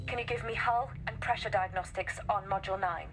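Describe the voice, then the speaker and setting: A woman's voice: medium pitch, fairly quick, a crowd in the background, close to an everyday voice, low-quality recording. A woman playing a tense stranded astronaut. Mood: anxious. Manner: urgent, anxious, radio-like calls. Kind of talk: video game dialogue. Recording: game audio with clear background hum.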